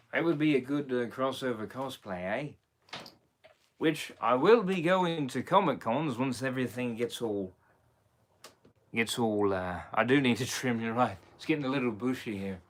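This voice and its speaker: A man with a medium-pitched, fairly bright voice impersonates a swaggering, rum-loving pirate captain. He chats on a live stream in playful mock pirate talk, staying in character throughout.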